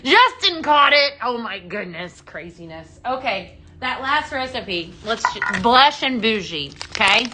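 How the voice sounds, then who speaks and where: A woman's voice: mid-range voice, expressive, measured pace, hardly any pauses, noisy background. A chatty woman hosting a casual live-stream product demo, a little out of breath, reading viewer comments aloud as she talks. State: a bit out of breath. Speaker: home fragrance seller hosting a live stream.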